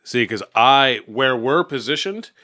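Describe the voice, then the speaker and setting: A man's voice: medium pitch, animated, a little slow, sharp tone. A man co-hosting a podcast in casual chat, who often restarts his sentences and swears now and then. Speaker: podcast co-host.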